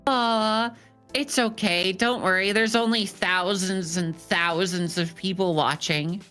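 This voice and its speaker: Slow-talking bright-voiced woman streamer. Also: medium pitch, steady tone, faint music behind. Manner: playful, bantering, swears casually. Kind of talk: casual stream chat.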